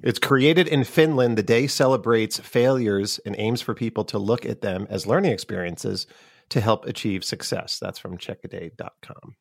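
A man's voice: on the low side, normal speed, gravelly, no echo, studio quality. A man co-hosting a true crime podcast, reading out trivia in an easygoing way and narrating from a script. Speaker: podcast co-host.

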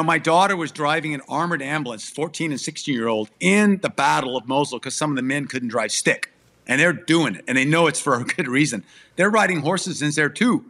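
A middle-aged man talks through a personal story as an interview guest. He is earnest and emphatic, and his voice breaks into tears. His voice sits a bit higher than most men's. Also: pushed and bright. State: tearful. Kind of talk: emotional personal testimony.

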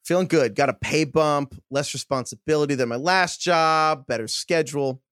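A man's voice: on the high side, normal speed, dry recording, clean studio sound. A man co-hosting a podcast, reading listener emails aloud and acting out the quoted lines. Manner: animated storytelling, acts out quoted lines.

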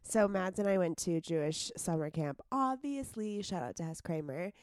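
A woman's voice: lowish voice, expressive, normal speed, a little mellow, no echo, clean studio sound. A woman co-hosting a podcast in casual chat, sounding sick with a sore throat and rambling through her stories with restarts. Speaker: podcast co-host.

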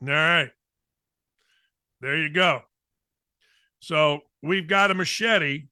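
A middle-aged man hosting a sports talk show, reading odd news stories and riffing on them in a jokey, animated way. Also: fairly high pitch, slow pace, no echo, clean studio sound.

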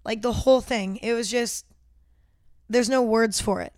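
A woman's voice: a little high, steady tone, unhurried, a little mellow, no room sound, studio quality. A young woman telling stories in a casual vlog, chatty and full of "like", swearing freely. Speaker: vlogger. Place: Los Angeles.

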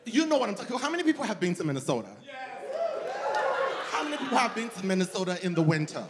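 A man's voice: high voice, big pitch swings, racing. A stand-up comedian from West Africa, performing a sassy, flamboyant set and teasing the crowd as honey and girl. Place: large theater with live audience. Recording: long hall reverb, loud crowd.

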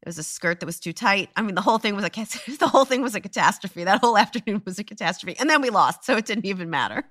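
A woman co-hosting a podcast, telling a story in a lively, animated way. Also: mid-range voice, rapid-fire, no echo, studio quality. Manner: lively, animated storyteller who acts out quotes. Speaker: podcast co-host.

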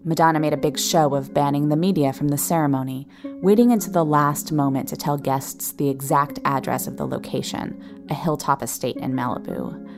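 A woman's voice: sits low, moderate pace. A woman hosting a podcast, giving scripted narration with a wry storytelling delivery. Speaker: podcast host. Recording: narration over background music.

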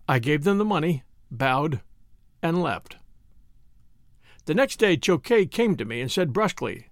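A man narrating a story with measured, expressive delivery. His voice sits fairly high and moves widely in pitch. The recording is close and dry, with no room sound. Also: dry recording. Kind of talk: story reading.

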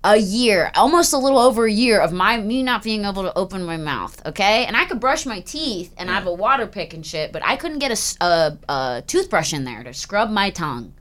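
A woman hosting a podcast in casual chat, animated and teasing, swearing freely. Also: mid-range voice, fairly quick, few pauses. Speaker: podcast host.

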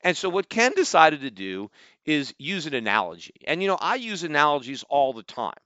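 A man's voice: on the high side, brisk, no room sound, muffled recording. Fired-up man ranting on a podcast. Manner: animated, mocking, rising to near-shouts when quoting critics. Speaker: podcast host. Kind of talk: opinionated commentary monologue.

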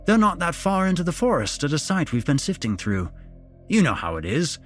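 A man voicing a strange, evasive middle-aged father who talks with robotic, insistent calm. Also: fairly high pitch, brisk, soft background music, pitched above the performer's own voice.

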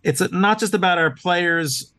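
A high-pitched man with a sharp tone speaks at a measured pace, being interviewed casually on a podcast as a team owner. His manner is upbeat and earnest, thick with "uh" fillers and restarts. The recording is dry.

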